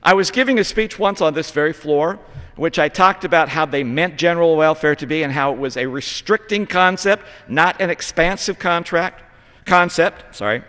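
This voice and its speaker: A man's voice: a little high, moderate pace, sharp tone. Earnest congressman lecturing in an echoing chamber. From Utah, United States. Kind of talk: formal floor speech. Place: large legislative chamber. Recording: reverberant chamber sound.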